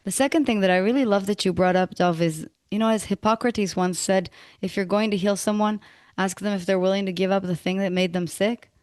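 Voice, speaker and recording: A woman's voice: mid-range voice, steady tone, a little fast, clear, resonant tone, no room sound, studio quality. A woman hosting a coaching podcast, reflecting at length and affirming her guest. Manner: warm affirmations, reflective, quotes philosophers. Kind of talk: interview conversation.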